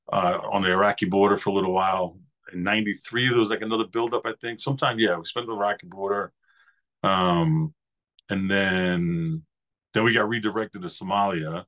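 A man in his fifties from New York talks in a fairly low voice as a podcast guest. He tells his stories in a loose, easygoing way and wanders from one memory to the next like a casual storyteller. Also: fairly bright tone. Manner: rambling anecdotal storyteller, easygoing. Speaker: podcast guest, former Marine.

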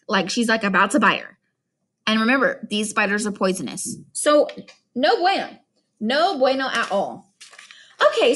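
Woman teacher, expressive read-aloud and chatty class talk, lively pitch, a bit high. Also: slight background noise. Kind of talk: reading a novel aloud to students.

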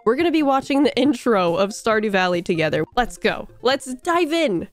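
A young woman giving casual, excitable commentary while playing a game, giggling often and tossing out quick silly asides. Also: mid-range voice, faint music behind. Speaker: gaming video creator.

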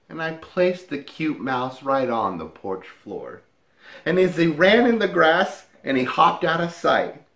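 Man, rhyming story narration, lively pitch swings, slow pace, echoey room. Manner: lively, playful sing-song reading. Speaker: woodworking video maker.

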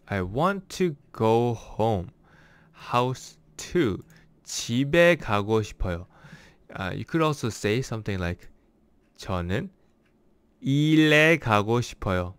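Male teacher, casual lesson delivery, smooth clear tone, dry close recording. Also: mid-range voice, a bit bright, no room sound. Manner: explains word by word, slowing down for examples. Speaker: language teacher.

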